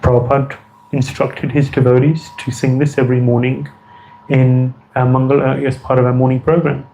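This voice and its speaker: A man's voice: medium pitch, flat delivery, normal speed, gravelly, mellow, lo-fi sound, a little hiss or hum. Earnest man giving a devotional talk. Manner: earnest, repeats phrases for emphasis. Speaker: spiritual teacher. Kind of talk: devotional lecture.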